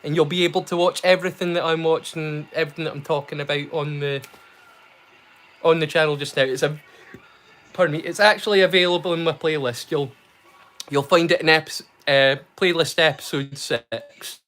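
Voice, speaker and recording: A man's voice: on the high side, steady tone, brisk, fairly bright tone. A man, chatting casually and rambling as he hosts a movie watch-along livestream. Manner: chatty, rambling, self-correcting. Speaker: livestream host.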